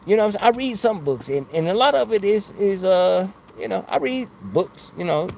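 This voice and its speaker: A man's voice: high-pitched, lively intonation, brisk, creaky, darkish tone, slight background noise. A man hosting a casual live stream from outside his home, talking into a phone in a rambling, slangy way and laughing often. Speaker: livestream host.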